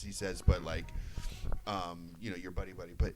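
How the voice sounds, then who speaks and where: A man's voice: low-pitched, steady tone, fairly quick, music in the background. A young man, a podcast co-host, telling a long story in casual chat, swearing freely and acting out what people said. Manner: rambling storyteller, swears freely, acts out quotes.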